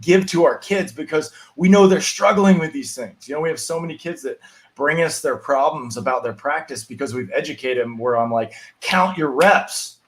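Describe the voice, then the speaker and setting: A man co-hosting a podcast in casual chat, laid-back, chiming in with quick reactions. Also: on the high side. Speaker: podcast co-host.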